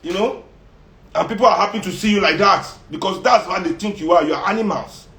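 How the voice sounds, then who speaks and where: Fiery Nigerian man, high voice. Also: fairly quick, bright, forceful tone. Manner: fiery, mixes in pidgin, laughs often. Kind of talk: impassioned monologue. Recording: roomy echo.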